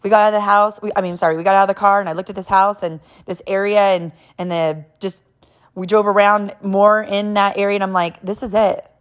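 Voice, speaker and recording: A woman's voice: medium pitch, steady tone, fairly quick. A woman in her thirties from Southern California speaks candidly about her faith in a personal talk. Her delivery is emotional and rambling, full of restarts as she works through her thoughts. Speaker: vlogger sharing a personal story.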